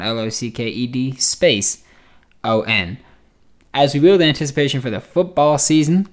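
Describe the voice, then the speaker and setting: A man's voice: mid-range voice, a bit bright. A young man hosting a sports podcast, reading ads and ranting in a loose, rambling way, often breaking off to laugh at himself. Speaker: podcast host. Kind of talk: casual sports podcast monologue with ad reads.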